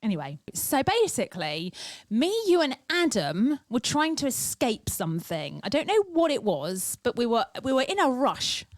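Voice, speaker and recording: Chatty higher-voiced woman co-host. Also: big pitch swings, normal speed, no room sound. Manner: chatty storytelling, laughs often. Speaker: podcast co-host. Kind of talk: casual chat.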